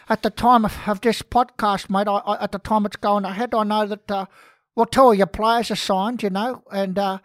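A woman's voice: medium pitch, no echo, clean studio sound, natural voice. Woman playing a blustering Aussie footy journalist. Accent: Australian. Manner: rambling, stumbling, defensive. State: out of breath. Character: blustering out-of-breath male footy journalist, touchy. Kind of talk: comedy sketch.

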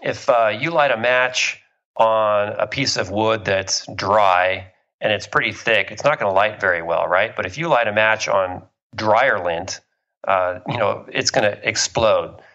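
A lower-voiced man with a gravelly, bright edge explains things enthusiastically, leaning on analogies and anecdotes. The recording sounds a touch dull and lo-fi. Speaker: guest, author on genes and health. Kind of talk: conversational explaining.

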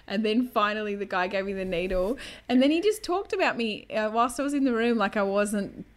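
A woman tells a story in loose, casual chat, cursing freely. She slips into other people's voices as she tells it. Her voice sits at a middle pitch. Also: fairly quick. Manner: swearing, animated, acts out other people's lines.

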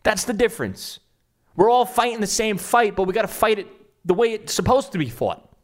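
A man's voice: high-pitched, big pitch swings, a little fast. A man giving reaction commentary, talking it through with frequent restarts.

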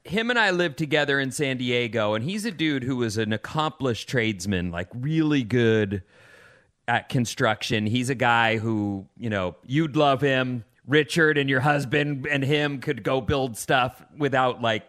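A man's voice: mid-range voice, measured pace. A middle-aged man co-hosting a casual podcast chat, telling stories with lots of restarts and asides. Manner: rambling, animated storyteller with many restarts. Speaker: podcast co-host.

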